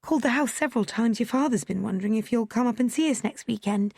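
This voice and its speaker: A woman reading the part of a brisk, practical older mother in an audiobook, speaking in a matter-of-fact, unsentimental way. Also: fairly high pitch, vocal fry, a little mellow, breathy edge, no echo, studio quality, pitched above the performer's own voice.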